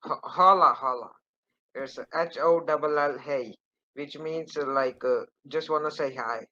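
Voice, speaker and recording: A man's voice: on the high side, fairly even intonation, measured pace, fairly bright tone, highs cut off. A man with an Indian accent, a caller who is slightly intoxicated, rambling and hesitant with many fillers. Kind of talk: casual call-in chat.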